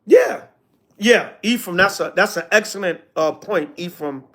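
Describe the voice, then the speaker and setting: A man's voice: high voice, animated, a little slow, a bit bright. A man speaking as an elder to a livestream audience, talking casually in with slangy, sarcastic asides and answering comments. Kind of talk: casual livestream teaching, reading chat comments.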